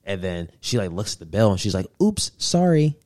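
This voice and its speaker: A man's voice: deep voice, fairly even intonation, fast talker, dry recording, studio quality. A man as a podcast guest, telling dating stories in casual chat, laid-back and slangy, laughing often.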